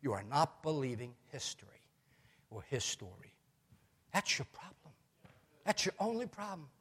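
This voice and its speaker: Husky older preacher in an echoing hall. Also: male voice, fairly high pitch, moderate pace. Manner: anecdotal storytelling preacher, animated asides. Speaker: pastor. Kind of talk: sermon.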